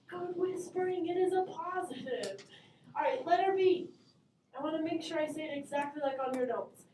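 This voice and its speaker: In an echoey classroom, a woman teaches math, her high, bright voice upbeat and encouraging as she calls on students. She's picked up from far away, with a faint murmur from the class and slight background noise.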